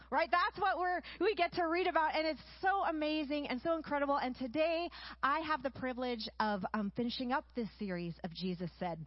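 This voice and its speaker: A woman preaching a sermon, enthusiastic and often checking in with a quick "right?". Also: high voice, no echo, highs cut off.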